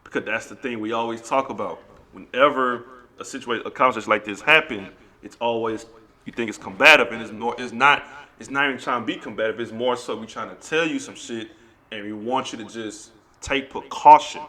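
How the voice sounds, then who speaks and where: Podcast co-host, man, bright voice, lively storyteller. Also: medium pitch, fairly quick. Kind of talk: casual chat.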